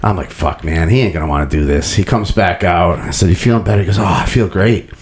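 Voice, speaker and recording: A man's voice: low voice, quick pace. A man in his thirties hosting a casual podcast, telling sports and family stories in a laid-back, profane way. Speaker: podcast host.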